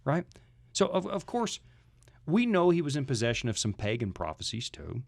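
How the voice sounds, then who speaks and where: A man co-hosting a religious talk show in a casual, joking way, reading quotes aloud with lively emphasis. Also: medium pitch, moderate pace, vocal fry, no echo. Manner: animated, jokey, reads quotes aloud with rising emphasis. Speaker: co-host.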